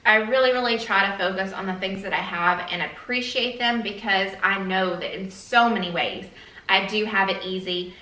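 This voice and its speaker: A woman's voice: medium pitch, normal speed, sharp tone, roomy sound, distant mic, rough recording. A woman vlogger chatting earnestly to camera, rambling with fillers and a little emotional. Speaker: beauty vlogger. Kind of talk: casual chat to camera.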